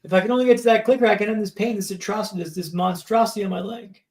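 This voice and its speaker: A man in his thirties, a podcast guest, recounts his story vividly and dramatically in a storytelling interview, often checking in with "right?". His high voice races along, a little mellow, and the room is echoey.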